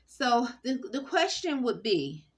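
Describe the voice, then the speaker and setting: A woman talking straight to camera in a rambling, halting monologue full of fillers and restarts. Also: a little high, sing-song. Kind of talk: casual spoken monologue.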